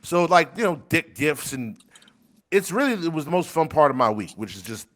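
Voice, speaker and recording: A man's voice: fairly high pitch, very animated, normal speed, a bit bright. Rambling man in crude casual chat. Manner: rambling, crude, laughing often. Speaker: rapper and community member. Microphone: desk microphone.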